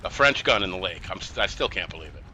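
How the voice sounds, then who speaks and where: Guy talking over his strategy game, chatty and fed up, kinda low but really bright voice, faint hiss behind. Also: expressive, fast, dull audio. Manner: chatty, exasperated, sarcastic asides. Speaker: gameplay commentator. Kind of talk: casual strategy game commentary.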